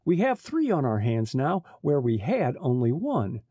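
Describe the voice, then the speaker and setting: A man voicing a sneering, surly chief smuggler in an audiobook, with a husky voice. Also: medium pitch, wildly swooping pitch, a little slow, dark tone, no echo, clean studio sound, full character voice.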